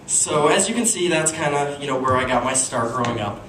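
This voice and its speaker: Man telling stand-up stories, echoey room. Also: brisk. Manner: animated, jumps into squeaky voices for his characters. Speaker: stand-up comedian. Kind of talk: stand-up storytelling. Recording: echoey room, distant mic, noisy.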